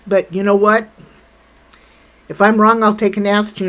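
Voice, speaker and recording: A woman's voice: medium pitch, level tone, normal speed, pauses often, a bit bright, rough recording. An older woman hosting a casual livestream, blunt and brash, chatting with viewers and reading their comments. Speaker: livestream host.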